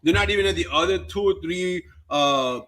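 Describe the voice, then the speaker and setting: Man, teacher, podcast guest, a bit high-pitched, earnest, repeats himself. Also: a little fast, bright, forceful tone, slight background noise. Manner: earnest, repeats words, says "dude". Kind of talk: casual chat.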